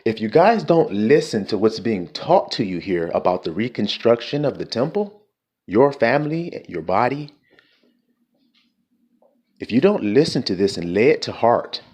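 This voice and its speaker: A man's voice: fairly low pitch, big pitch swings, measured pace, a little mellow, husky. A man preaching an informal sermon, blunt and profane, firing rhetorical questions at his listeners.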